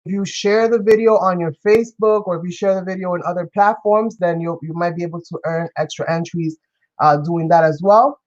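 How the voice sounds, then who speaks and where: A woman's voice: fairly low pitch, steady tone, fairly quick, a little mellow, muffled recording. Effusive New woman hosting a craft stream. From New York. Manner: effusive, greets and thanks viewers by name. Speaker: craft live-stream host. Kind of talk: casual live-stream chat while crafting.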